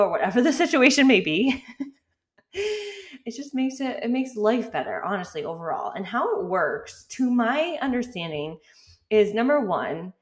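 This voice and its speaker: A woman in her thirties hosting a podcast, talking casually and chattily with frequent fillers and light laughs. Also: fairly low pitch. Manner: chatty, relaxed, lots of "like" and laughs. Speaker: podcast host. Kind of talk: casual solo podcast talk.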